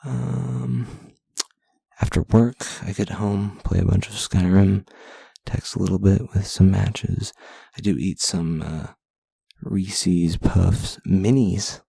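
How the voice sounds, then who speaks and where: A man's voice: low-pitched, steady tone, slow pace, gravelly, dark tone, breathy edge, no room sound. A young man hosting a solo podcast, ranting and rambling casually with self-deprecating asides. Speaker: podcast host.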